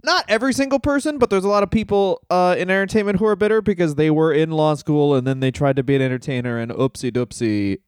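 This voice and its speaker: A man's voice: sits high, expressive, quick pace, few pauses, clean tone, no echo, clean studio sound. Laughing comedy podcast co-host, man. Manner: laughing, storytelling. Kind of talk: crude comedy banter.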